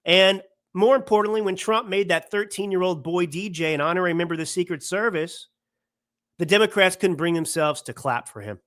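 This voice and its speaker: A man in his thirties or forties with a fairly high, fairly bright voice hosts a political commentary show. He talks in a heated, emphatic manner and often repeats himself.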